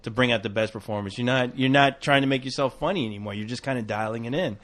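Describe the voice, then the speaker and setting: A man co-hosting a podcast in casual chat, hesitant, with many restarts, trailing off softly. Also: medium pitch, fast. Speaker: podcast co-host.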